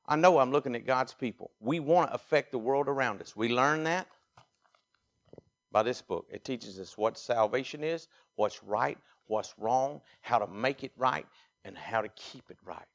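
A pastor from Mississippi with a Southern accent, preaching a sermon and swinging from quiet asides to loud, emphatic exhortation. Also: male voice, mid-range voice, lively intonation, normal speed, creaky. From Mississippi, USA.

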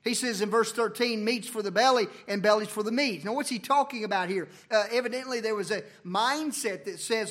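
A man preaching a sermon in a church, swinging from loud emphasis down to near-murmurs. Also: high-pitched, brisk, hardly any pauses.

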